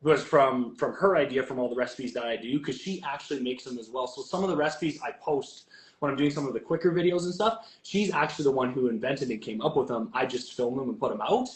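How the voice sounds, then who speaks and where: A man's voice: mid-range voice, fast. A man, a guest chef and bodybuilding coach, chatting casually and walking through recipe steps as he cooks in a kitchen. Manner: chatty and upbeat, narrating cooking steps. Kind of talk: casual chat while cooking. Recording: echoey room.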